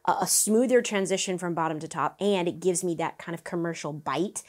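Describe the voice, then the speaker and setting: A woman vocal coach talks through her work in a podcast interview. She is lively and open, and she breaks off now and then to demonstrate vocal sounds. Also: on the low side, brisk. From Nashville, USA.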